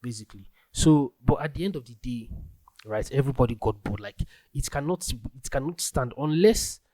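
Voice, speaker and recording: A man's voice: mid-range voice, expressive, moderate pace, dark tone, no room sound. A young man with a Nigerian accent hosting a casual solo podcast, rambling through his thoughts with many restarts and filler words. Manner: rambling, loose, full of restarts and "like". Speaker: podcast host.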